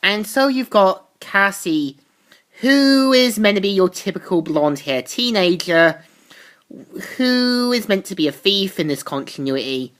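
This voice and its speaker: A woman's voice: medium pitch, expressive, measured pace, fairly bright tone. A woman reviewing a comic book, recapping the plot casually with asides.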